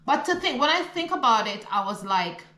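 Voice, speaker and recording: Lively Caribbean woman chatting in a bright voice. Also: high-pitched, a little fast, roomy sound, a little hiss or hum, rough recording. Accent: Caribbean English. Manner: animated, laughs often, repeats herself. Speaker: vlogger. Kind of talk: casual chatty vlog. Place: rural home in the countryside.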